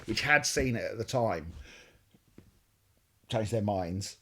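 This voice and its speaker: A man's voice: fairly low pitch, lively intonation, takes it slowly, a bit bright. Rambling, jokey man co-hosting. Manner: rambling, jokey, self-correcting. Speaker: co-host. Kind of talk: casual chat.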